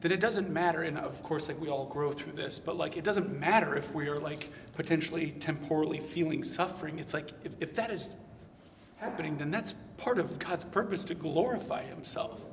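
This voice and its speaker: A man's voice: a little high, normal speed, gravelly, slight background noise. A man speaking up in a class discussion, thinking aloud and saying "like" often. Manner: thoughtful, searching, uses "like" often. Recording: reverberant room from a distance.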